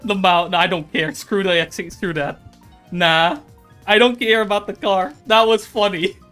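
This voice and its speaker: A man's voice: high voice, steady tone, moderate pace, pushed and bright, clear, resonant tone, faint music behind. A streamer, seemingly a man, giving casual commentary on a racing game, repeating phrases and breaking into fits of laughter.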